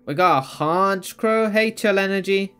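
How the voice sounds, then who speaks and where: Slow-talking giggly man streaming a game. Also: sits high, sharp tone, clear, resonant tone, faint music behind. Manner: rambling, giggly, chatting to viewers. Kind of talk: casual live-stream chat while playing.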